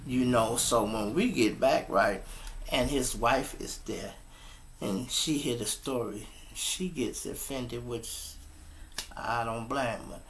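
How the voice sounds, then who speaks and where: A man casually telling a story to his listeners, animated and profane, often calling them y'all, speaking at his computer setup. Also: medium pitch, slow pace, slight background noise.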